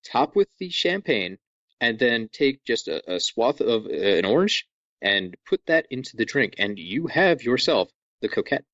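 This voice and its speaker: A man hosting a podcast in a casual, jokey way, walking listeners through things with lively asides. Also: medium pitch, a little slow, dry recording, highs cut off. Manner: jokey, animated, over-explaining. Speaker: podcast host.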